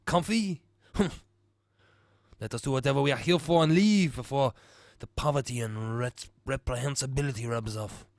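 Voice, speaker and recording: A man's voice: normal speed, no echo, close to an everyday voice. A man voicing a haughty aristocratic male pigeon who sneers and scolds imperiously. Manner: imperious, sneering, high-pitched outbursts.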